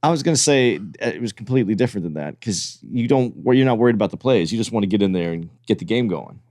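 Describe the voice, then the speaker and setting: A low-voiced man in casual podcast banter, stumbling over his openings and trailing off mid-thought. His voice is close and dry on the mic. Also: expressive, darkish tone, dry recording. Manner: halting, restarts often, trails off. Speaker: podcast co-host.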